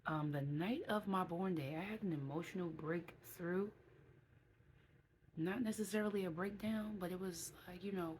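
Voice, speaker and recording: A woman with a low, grounded voice talks openly to her viewers in a relaxed vlog. She is candid and emotional and chats along with plenty of fillers. Faint noise sits behind her. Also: normal speed, low-quality recording. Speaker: vlogger. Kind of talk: casual vlog talk to viewers.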